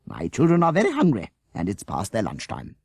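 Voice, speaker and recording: A man's voice: lowish voice, huge pitch swings, brisk, darkish tone, breathy edge, no room sound, clean studio sound, voice pushed up, heavily acted. A man voicing a prim, flustered woman schoolteacher who protests indignantly.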